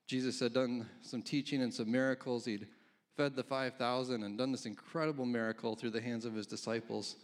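A man's voice: medium pitch, fairly even intonation, fairly quick. A man preaching a casual, conversational sermon, reading scripture aloud and chuckling between points. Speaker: pastor.

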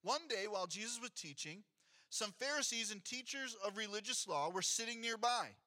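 A man's voice: high-pitched, lively intonation, normal speed, sharp tone. A man, a pastor, preaching a sermon in a conversational way, reading scripture aloud and adding rhetorical asides to his congregation.

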